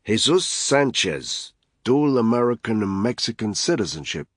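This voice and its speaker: Man reading brash male surveillance analyst, sarcastic, impatient, raised pitch, audiobook thriller. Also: sing-song, normal speed, dry recording, clean studio sound. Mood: wry.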